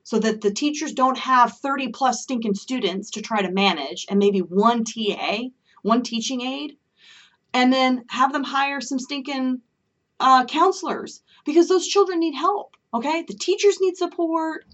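A woman's voice: sits high, measured pace, recorded from a distance. A woman delivering an impassioned solo monologue, emphatic and ranting, often checking in with "okay?".

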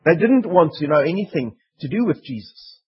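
High-voiced husky male preacher. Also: very animated, moderate pace, dull audio. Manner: earnest, emphatic, voicing pleading demons. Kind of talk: sermon.

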